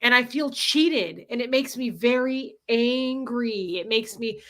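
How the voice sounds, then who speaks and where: A woman chatting live to her viewers in a bright, tense voice that sits a little high. She rambles and swears freely as she vents her frustrations, reading and thanking super chats as she goes. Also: unhurried, few pauses, slight background noise. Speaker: livestream host. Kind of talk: casual livestream chat.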